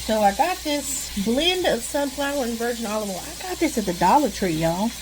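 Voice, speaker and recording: A woman talks in a chatty, rambling way, venting with sighs while she cooks. Her voice sits high. Frying and sizzling in the home kitchen come through clearly around her. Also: big pitch swings, normal speed, noisy background. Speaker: vlogger. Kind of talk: casual chat while cooking. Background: sizzling frying pan.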